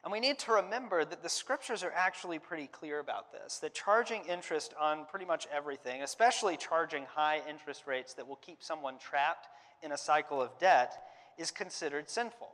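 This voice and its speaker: A man's voice: a little high, expressive, fairly quick, a bit bright. A man giving a conversational Bible lesson, thinking aloud, hedging and restarting often. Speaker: Bible teacher. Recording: long hall reverb.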